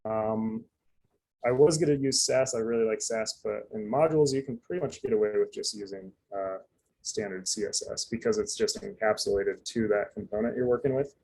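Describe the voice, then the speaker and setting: A man's voice: lowish voice, normal speed, darkish tone, slight background noise, rough recording. A man giving a casual live coding demonstration, chatty and loose, full of fillers and asides. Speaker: presenter.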